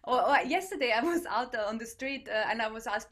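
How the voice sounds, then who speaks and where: A woman's voice: on the high side, expressive, quick pace, a bit bright. A woman hosting an online comedy show over a video call, talking hesitantly with many fillers and giggling often.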